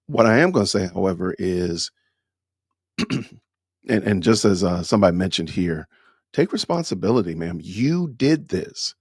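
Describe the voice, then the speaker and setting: A man's voice: deep voice, animated, normal speed, breathy edge, no room sound. Guy on his podcast, preachy and emphatic, repeats himself, dry close sound. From Atlanta, USA. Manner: emphatic, lecturing, repetitive. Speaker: podcast host. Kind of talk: opinionated podcast commentary.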